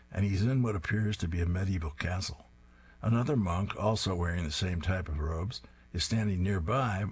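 A man describing comic strips panel by panel and reading them aloud in a steady, descriptive way with dry amusement. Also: deep voice, slightly rough. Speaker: comics reader.

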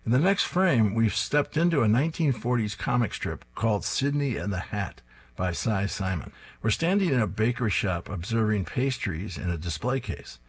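A man with a low, husky voice reads newspaper comic strips aloud. He describes each panel in a plain, steady way and then moves on to the dialogue. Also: normal speed.

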